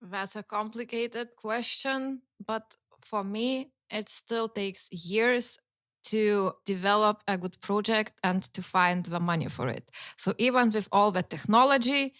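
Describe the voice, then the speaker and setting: A woman from Lithuania with a Lithuanian accent, a showrunner speaking halting, filler-heavy English as a non-native speaker in a panel conversation. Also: medium pitch, fairly bright tone. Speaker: showrunner guest.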